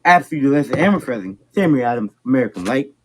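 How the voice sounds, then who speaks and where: A man putting on a brash Boston beer pitchman. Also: expressive, very fast, music in the background, close to an everyday voice. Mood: hyped pitch. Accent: Boston put-on. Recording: noisy clip.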